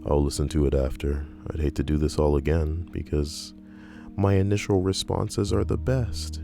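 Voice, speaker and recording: A man's voice: a bass voice, unhurried, gravelly, mellow, faint music behind. A young man reading stories aloud and breaking off into sarcastic, profane, rambling asides. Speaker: story reader and commentator.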